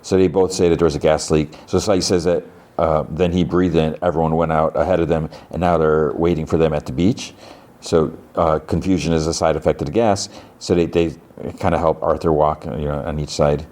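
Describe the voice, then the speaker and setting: A man's voice: rumbling low, fairly even intonation, a little fast, a little mellow. A man hosting a podcast, casually retelling a TV episode in a rambling way full of fillers and restarts. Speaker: podcast host.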